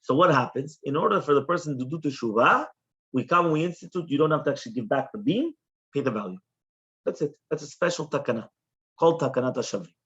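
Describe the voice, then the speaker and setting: Rabbi guy teaching talmud, lively, kinda high voice, muffled lo-fi recording. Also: fast talker, husky. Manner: animated, questions the listeners often. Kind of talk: Talmud class. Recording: dull lo-fi recording.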